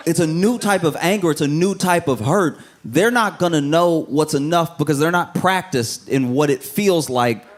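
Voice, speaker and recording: A man performing a stand-up comedy set, telling a story with animated delivery and bursting into shrill shouted voices for the people in it, audience laughter behind him.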